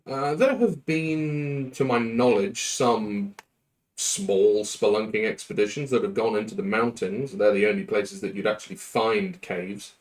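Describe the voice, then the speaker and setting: A man running a tabletop role-playing game as game master, answering the players in a measured, deliberate way with frequent fillers. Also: fairly low pitch, rough recording.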